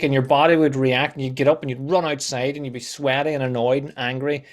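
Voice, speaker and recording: A man, a guest on a podcast, telling animated stories and acting out quoted voices, with casual swearing. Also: medium pitch, a little fast. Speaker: guest, content coach.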